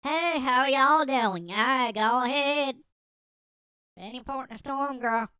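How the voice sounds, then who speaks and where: Crude, eager woman, shrill and high, as a man puts her on. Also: slow, bright, forceful tone, smooth, no room sound, clean studio sound, exaggerated voice. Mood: brash, crude. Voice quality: shrill falsetto twang.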